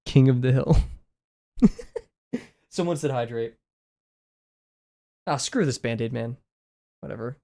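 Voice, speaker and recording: A man talks loosely and self-deprecatingly while drawing on a livestream, speaking into a desk mic with no camera. His medium-pitched voice is gravelly, mellow and slightly scratchy today, and he goes slowly with long pauses. Clean studio sound, no echo.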